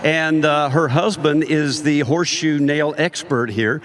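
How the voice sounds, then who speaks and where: A man's voice: a little high, fairly even intonation, unhurried. A man analyst in a casual panel chat, confident and making his case with numbers. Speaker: rodeo analyst.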